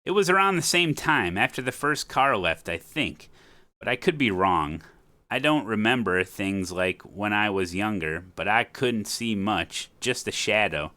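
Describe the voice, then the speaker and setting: A man's voice: lowish voice, lively intonation, a little slow, bright, forceful tone. A man voicing a chatty, rambling elderly widowed woman who lives next door, folksy and a bit forgetful. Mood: uncertain.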